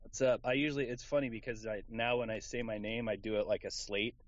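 A man's voice: on the low side, steady tone, fast, dry recording, lo-fi sound. A man from Houston, Texas, a voice actor guest in a casual interview, talking in an easygoing, rambling way with plenty of fillers.

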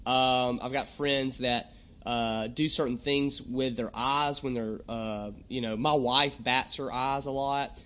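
A young adult man hosting a podcast, talking in a rambling, jokey monologue and often clearing his throat. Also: mid-range voice, steady tone, slow pace, fairly bright tone. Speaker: podcast host. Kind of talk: casual comedic monologue.

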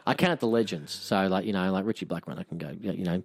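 A tipsy podcast co-host rambles through a casual chat, slurring after drinks and leaning on lots of fillers. His voice is low and his pace quick, with no echo.

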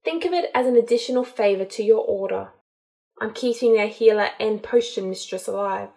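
A woman's voice: medium pitch, a little fast, creaky, mellow, natural voice. A woman reading a storybook, voicing a cool, sardonic young male wizard with a dry, dismissive manner.

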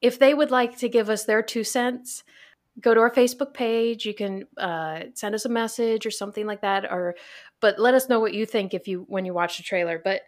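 An American woman co-hosting a casual podcast chat, talkative and quick to laugh. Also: medium pitch. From United States. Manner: chatty, laughs often. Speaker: podcast co-host.

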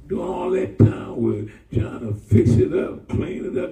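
A man preaches a sermon in call-and-response style, his dark, mellow voice leaping from low rumbles into high, animated peaks. He is recorded from a distance in a roomy church. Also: slow pace, gravelly, pauses often.

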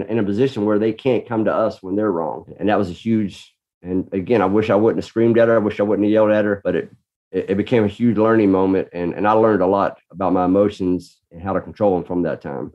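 A man's voice: on the low side, fast, highs cut off. Earnest man telling a parenting story. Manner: earnest storyteller, reenacts his own shouting. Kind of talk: casual conversation.

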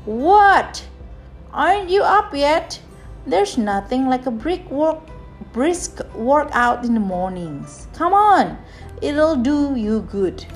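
Bossy self-satisfied male cousin from a storybook, brisk and scolding, read by a woman, high and unhurried. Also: lively intonation, faint music behind.

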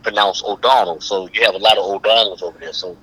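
A man's voice: on the low side, steady tone, fast talker, sharp tone, husky, poor audio. A man, calling in by phone and chatting agreeably with the host, chuckling along. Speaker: guest calling in. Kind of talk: casual chat. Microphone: phone call.

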